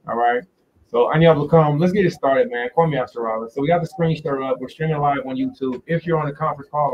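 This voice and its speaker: A man giving a casual religious teaching on a livestream, talking loosely and repeating words slowly, into a phone in front of him. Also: medium pitch, distant mic, highs cut off. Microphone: phone directly in front of him.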